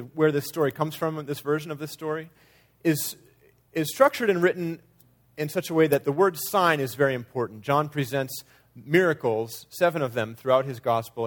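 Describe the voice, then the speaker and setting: A man's voice: on the high side, normal speed. A man preaching a sermon in a conversational way, sometimes acting out quoted lines with changing emphasis. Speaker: pastor.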